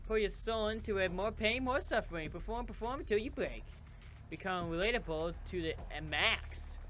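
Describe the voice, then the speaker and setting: A man's voice: high voice, moderate pace, sharp tone, slight background noise, pitched above the performer's own voice. A man doing a mocking young villainess. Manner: mocking, theatrical. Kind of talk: video game dialogue read aloud.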